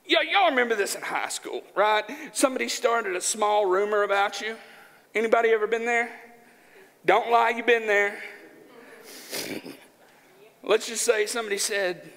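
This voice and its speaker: A man from Arkansas preaching a sermon in a church, joking in a folksy, animated way. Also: sits high, normal speed, long pauses. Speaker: pastor. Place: church sanctuary. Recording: church hall with long reverb.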